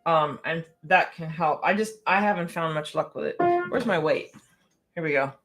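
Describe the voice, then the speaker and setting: A woman's voice: deep voice, moderate pace. A woman piano technician answering viewer questions on a casual livestream, chatty and a bit scattered, with frequent restarts and laughter.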